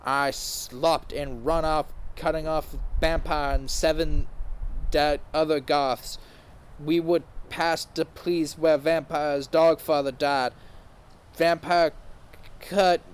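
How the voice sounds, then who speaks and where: A man's voice: on the high side, steady tone, takes it slowly, clean tone. A man giving a comedic dramatic reading aloud, stumbling over words and reading in a mock-serious way. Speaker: podcast host reading aloud.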